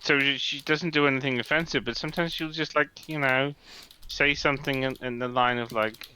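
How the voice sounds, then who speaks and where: A man in casual chat, telling rambling, animated stories about customer service. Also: mid-range voice, a little fast, slight background noise, low-quality recording.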